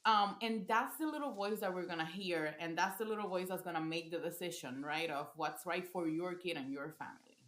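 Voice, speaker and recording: A woman's voice: fairly low pitch, fairly quick, hardly any pauses, fairly bright tone. Woman parent coach, casual podcast talk, earnest, restarts phrases often, roomy echoey recording. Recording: roomy echo.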